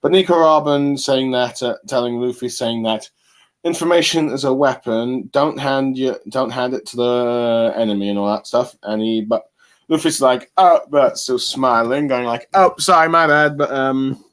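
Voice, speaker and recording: Man, host of a casual comic review, rambling, halting, lots of fillers, average pitch.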